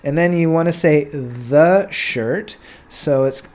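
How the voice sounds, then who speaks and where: An American man teaching a casual language lesson in a relaxed way, filling pauses with "uh" and "all right" and repeating words slowly. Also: a little high. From United States.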